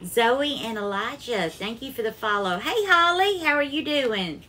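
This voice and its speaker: A bright, forceful Southern woman from Alabama chats through a live cooking stream in her kitchen, pitched a little high and gushing over every viewer with a sing-song "darling." A faint hum of noise sits under her voice. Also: lively intonation, normal speed. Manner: effusive, calls viewers darling, bubbly sing-song greetings. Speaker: home cooking livestream host. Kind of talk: casual live cooking chat, greeting viewers. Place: home kitchen.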